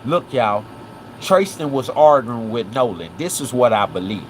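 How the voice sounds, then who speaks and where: A man's voice: mid-range voice, normal speed, a little hiss or hum. A man from Memphis, hosting a casual livestream. He breaks down a case and keeps checking in with "right?" and "watch this". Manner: animated, repeats "right?" and "watch this". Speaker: livestream host.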